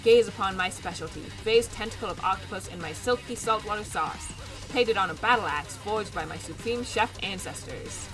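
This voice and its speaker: A woman's voice: medium pitch, moderate pace, over music, natural voice, rough recording. A woman voicing an arrogant young male student chef who sneers at others' cooking. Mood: haughty.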